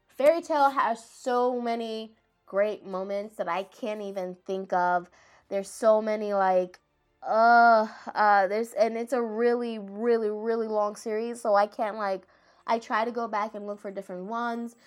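Soft music sits under this woman's steady, medium-pitched voice as she recounts anime scenes a little slowly. She's an anime commentator who rambles casually, filling gaps with fillers and self-mocking asides.

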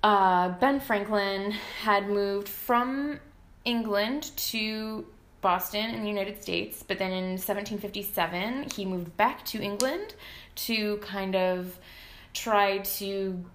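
A woman co-hosting a casual podcast, telling the story in an unhurried, step-by-step way. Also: medium pitch. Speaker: podcast co-host. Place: home room with her sisters. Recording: roomy echo.

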